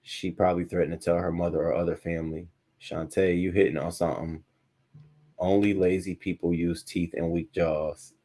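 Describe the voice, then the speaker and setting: Man, low voice, casual live-stream host, blunt, profane, chatty with viewers. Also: flat delivery, moderate pace, warm tone. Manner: blunt, profane, reads viewer comments aloud.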